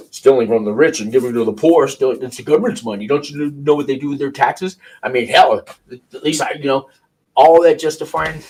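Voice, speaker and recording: A man talks off the cuff as a call-in show host, rambling and swearing and doubling back on his words. His voice is husky and slightly rough, with a middling pitch. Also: poor audio. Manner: rambling and profane, many restarts. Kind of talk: casual unscripted commentary.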